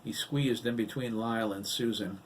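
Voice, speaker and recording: A man narrating his own novel in a steady, even audiobook reading. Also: fairly low pitch, moderate pace, distant mic, a little hiss or hum, low-quality recording. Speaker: author and narrator.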